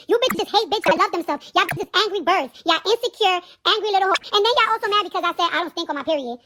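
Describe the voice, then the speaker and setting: Brash, very high, rapid-fire woman ranting. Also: noisy background. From Caribbean. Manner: brash, profane, repeats herself. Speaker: livestreamer. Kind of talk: profane live-stream rant.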